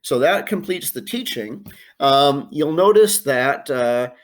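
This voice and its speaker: A man's voice: on the high side, animated, slow pace. An American man, a Spanish teacher, talking students through a worksheet in a screencast lesson, with lots of uh fillers and Spanish phrases read aloud. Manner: plain explaining pace with frequent uh fillers, drops into Spanish phrases. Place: home or classroom with art prints behind him.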